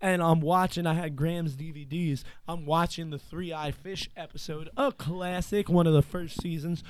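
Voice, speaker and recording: A man's voice: a little high, steady tone, normal speed, smooth. A young man hosting a podcast, telling a long profane story in casual chat. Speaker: podcast host.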